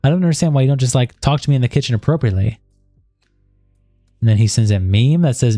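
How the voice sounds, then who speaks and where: A man's voice: medium pitch, expressive, brisk, long pauses, warm tone, no echo, clean studio sound, faint music behind. A man on a stream, reading a chat log aloud and breaking in with asides of disbelief.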